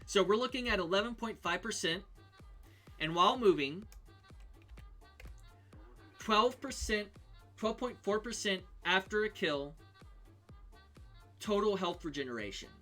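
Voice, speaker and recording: Faint music runs under this animated live streamer as he loosely explains a character build in casual game talk. He thinks out loud, often saying um and starting sentences over, in a slightly high, bright, forward voice.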